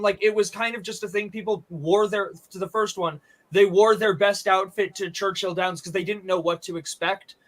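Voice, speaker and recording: A man with a very high, bright voice, chatting casually as a guest on a live-streamed radio show. He rambles, doubles back and repeats words before landing his point. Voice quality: very high vocal register. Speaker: musician guest.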